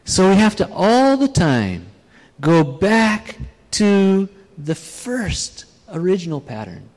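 A man's voice: high-pitched, wildly swooping pitch, slow pace, a little mellow. A man preaching a sermon, illustrating his points with demonstrations and putting questions to the audience. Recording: long reverb of a large hall.

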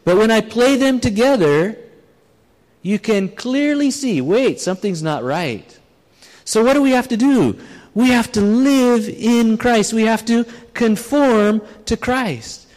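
A man's voice: very high voice, lively intonation, slow pace, a little mellow. A man preaching a sermon, illustrating his points with demonstrations and putting questions to the audience. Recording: long reverb of a large hall.

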